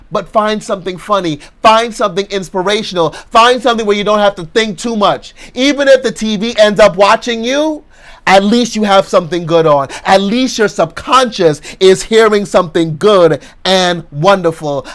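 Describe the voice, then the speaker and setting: High-voiced man preaching affirmations. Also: fairly bright tone. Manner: leads call-and-response affirmations, rising and slowing on them; conversational, chatty asides. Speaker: pastor. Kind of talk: motivational sermon with affirmations.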